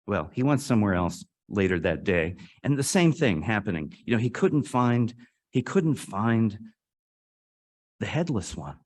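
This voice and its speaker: An earnest preacher with a fairly low voice tells stories to his congregation in a worship service hall. He talks a little slowly, and his pitch swings widely from dramatic climbs down to quiet, hushed moments.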